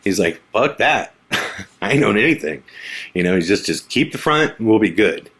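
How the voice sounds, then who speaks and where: A man with a husky, low-pitched voice tells a story from his past on his podcast. He acts out the lines of the people in it, dropping to a hushed tone for some of them. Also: moderate pace. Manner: animated, acts out quotes in a hushed voice. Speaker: podcast host. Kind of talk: storytelling monologue.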